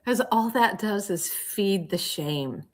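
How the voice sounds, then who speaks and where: A middle-aged woman coach explaining in an interview, animated, acting out the voices she quotes. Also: mid-range voice, slow pace. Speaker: parenting and teen coach.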